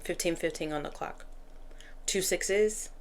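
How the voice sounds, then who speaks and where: A woman giving a casual tarot reading in a slightly low voice. She keeps up a chatty flow, talking to the cards and to spirit as she shuffles. A faint noise runs under the recording. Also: a little slow. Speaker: tarot reader.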